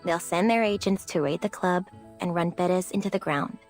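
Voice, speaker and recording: A woman's voice: on the low side, moderate pace, darkish tone, soft background music, close to an everyday voice. An actress voicing a tough, detached young woman who speaks in a cool, curt way in a game. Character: tough, detached woman cleaner of arcane energy. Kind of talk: game voice acting.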